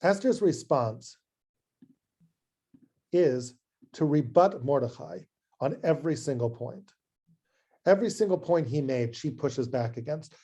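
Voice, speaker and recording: A man, a rabbi, giving an adult education lecture in an animated, conversational way that acts out scenes. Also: on the high side, unhurried, pauses often, slightly rough. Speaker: rabbi and teacher.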